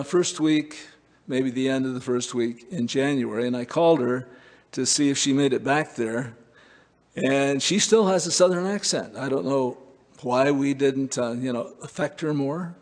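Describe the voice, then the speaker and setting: Man preaching in a reverberant hall. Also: medium pitch. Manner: conversational, frequent fillers and restarts. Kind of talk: sermon.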